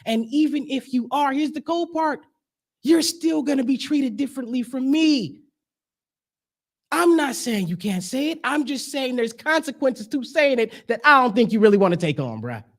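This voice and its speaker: A man with a high-pitched voice delivering spoken word in a church sanctuary. He is rhythmic and emphatic, mixing in casual slang. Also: sing-song, moderate pace. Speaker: guest speaker.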